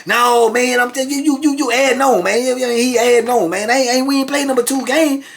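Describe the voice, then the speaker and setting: A man imitating a fellow inmate, a loud, raspy, laughing sore loser who insists on his side. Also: a little fast. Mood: indignant protesting. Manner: protesting, high and excited.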